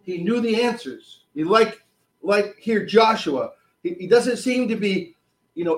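A man preaching a sermon, reading scripture with rising force and dropping low on asides, with frequent restarts. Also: poor audio. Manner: animated, rises loud on scripture and drops low on asides; halting, with restarts and fillers.

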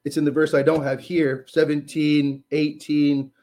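A man preaching a sermon, reading scripture with rising force and dropping low on asides, with frequent restarts. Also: low-quality recording. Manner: animated, rises loud on scripture and drops low on asides; halting, with restarts and fillers.

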